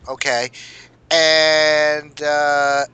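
A man co-hosting a podcast in casual chat, excitable and blunt, retelling an interview. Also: on the high side, very slow, smooth. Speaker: podcast co-host.

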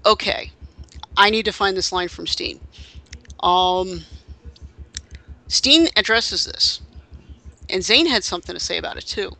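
A man co-hosting a podcast in a loose, casual chat. His voice is bright and clear, and he keeps searching aloud with small restarts and fillers. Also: high-pitched, a little slow, long pauses, rough recording. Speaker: podcast co-host.

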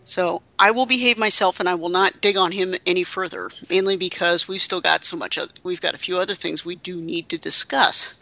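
A woman's voice: fairly low pitch, fairly even intonation, a little fast, hardly any pauses, pushed and bright, no echo. A woman co-hosting a casual podcast chat, talking in a chatty, wry and indignant way with many restarts. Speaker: podcast co-host. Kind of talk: casual chat about pro wrestling.

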